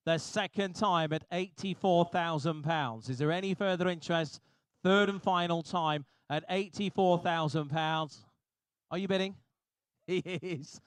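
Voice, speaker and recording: A man working as an auctioneer, calling bids briskly and repetitively with jokey asides to the room. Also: on the high side, clear, resonant tone, no echo. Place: auction hall.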